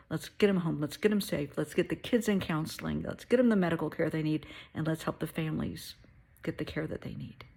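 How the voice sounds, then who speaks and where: A middle-aged woman hosting a heartfelt pep talk, soothing and motherly, sometimes dropping to a soft whisper. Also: sits low, vocal fry, husky. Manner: soothing, motherly, calls listener honey; drops to soft whispers at times. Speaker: host.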